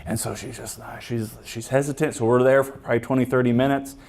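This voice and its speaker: A man's voice: medium pitch, flat delivery, fast talker, vocal fry, darkish tone. A man, a police officer giving a casual talk to a club, joking and rambling with many fillers and restarts. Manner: joking, chatty, acts out quoted voices.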